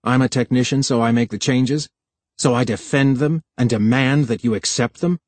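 A man's voice: medium pitch, moderate pace, a little mellow, no echo, close to an everyday voice. A man reading the part of a touchy, defensive young male technician, with clipped, stern delivery. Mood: indignant. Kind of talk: audiobook character voice.

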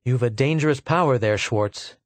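Man doing an injured tough guy, urgent and grim, raised a bit higher than his reading voice. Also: normal speed, no room sound, natural voice. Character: hurt, determined grown man, grim.

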